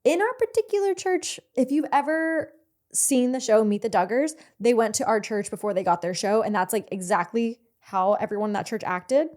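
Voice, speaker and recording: A woman's voice: fairly high pitch, animated, moderate pace, darkish tone. A woman from the American South hosting a podcast, playful and candid in casual chat. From Southern United States. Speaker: podcast host and actress.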